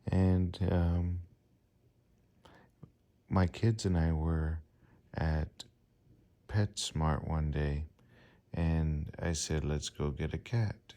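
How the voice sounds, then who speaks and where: A man in his forties casually telling a rambling personal story to his channel, with many pauses and fillers. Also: very deep voice, flat delivery, dark tone. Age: 40s. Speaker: vlogger.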